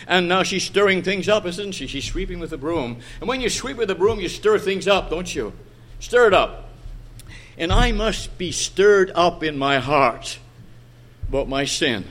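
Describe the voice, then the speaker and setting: A man's voice: a little high, a bit bright. A middle-aged man preaching a sermon in a church meeting room, fervent and pleading, his voice swelling and dropping.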